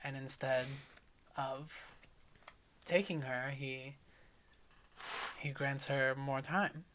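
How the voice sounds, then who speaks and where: A podcast co-host chatting casually about a book, playful and irreverent, with quick jokes and swearing. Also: mid-range voice, fairly even intonation, fairly bright tone, a little hiss or hum.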